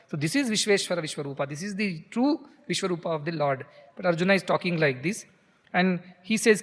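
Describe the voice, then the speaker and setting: Man, spiritual teacher, high voice, chants verses then explains, hall reverb. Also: fairly bright tone. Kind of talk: spiritual discourse.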